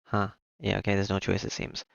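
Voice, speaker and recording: A man hosting a game playthrough, reading the text aloud haltingly with frequent stumbles and restarts between his own comments. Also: low-pitched, completely flat delivery, creaky, highs cut off. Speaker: let's play host. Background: game music.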